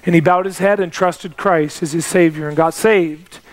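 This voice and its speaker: A man's voice: steady tone, moderate pace. A man preaching a sermon as pastor, telling stories and pressing each point with repetition. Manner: emphatic preaching with repetition and rising pitch.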